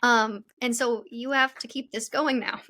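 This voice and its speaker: A woman with a fairly high voice hosts a casual podcast. She answers her guest with warm, affirming praise. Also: steady tone, a little slow. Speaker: podcast host.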